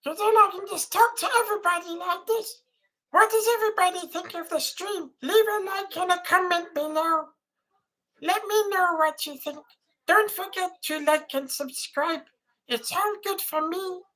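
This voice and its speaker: A woman doing a high, squeaky helium-style voice with chirpy sales-pitch patter. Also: moderate pace, sharp tone. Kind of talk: live stream chat.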